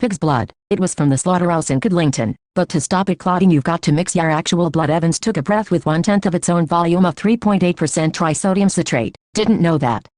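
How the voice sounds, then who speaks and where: A woman's voice: fairly low pitch, brisk, hardly any pauses, a little mellow, no room sound, natural voice. A woman reading aloud as a cheeky, cocky male prisoner in a storybook.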